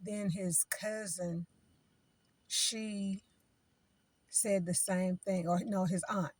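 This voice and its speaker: Casting note: woman, mid pitch, chatty informal preacher, repeats herself, no room echo. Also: fairly even intonation, extremely slow. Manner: conversational, repeats phrases, acts out quoted people. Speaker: vlogger giving spiritual advice.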